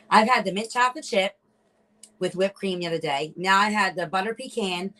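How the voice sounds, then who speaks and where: A woman's voice: mid-range voice, measured pace, bright, forceful tone. A woman co-hosting a casual podcast, bubbly and enthusiastic, often laughing. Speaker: podcast co-host.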